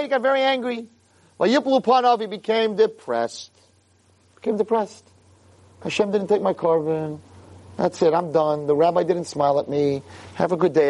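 A man teaching a Torah class as a rabbi, emphatic and full of rhetorical questions, acting out voices of people in the story. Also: fairly high pitch. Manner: animated, emphatic, rhetorical questions, acts out dialogue.

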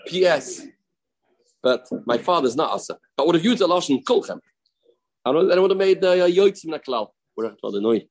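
A man's voice: a little high, husky, poor audio. A man teaching a daily Talmud lesson, explaining the text, acting out its cases and repeating key phrases for emphasis.

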